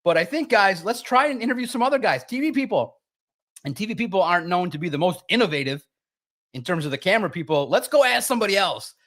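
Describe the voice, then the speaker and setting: Animated man talking football. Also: quick pace. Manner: animated, emphatic, jumps into sharp high pitch for emphasis. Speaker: sports show co-host. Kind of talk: casual sports talk.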